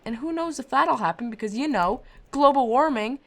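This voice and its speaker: A woman giving casual, rambling commentary over her game footage, self-deprecating and quick to get loud and excited. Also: high voice, gravelly. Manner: rambling, self-deprecating, often says "I don't know"; gets loud and excited when ranting. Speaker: Minecraft let's-player.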